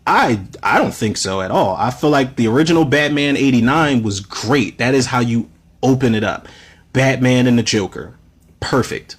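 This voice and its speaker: A man in his thirties hosting a podcast, casually reviewing films in a profane, animated rant full of fillers. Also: medium pitch, normal speed, slightly rough. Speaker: podcast host, film reviewer. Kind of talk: casual spoken film review.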